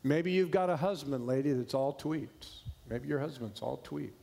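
A male pastor preaching a sermon, stressing key words slowly and dropping at times to a hushed tone. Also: mid-range voice, vocal fry.

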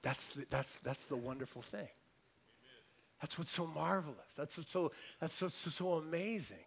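A man's voice: a little high, moderate pace, vocal fry. Emphatic preaching pastor, man. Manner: emphatic, repeats phrases, swings between loud and soft. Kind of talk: sermon.

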